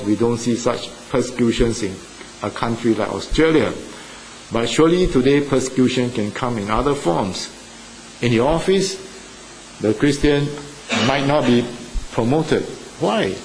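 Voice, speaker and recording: A man preaching a sermon with an earnest, halting delivery, full of fillers, rising with emphasis at key points. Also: medium pitch, darkish tone, a little hiss or hum, low-quality recording. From Singapore or Malaysia.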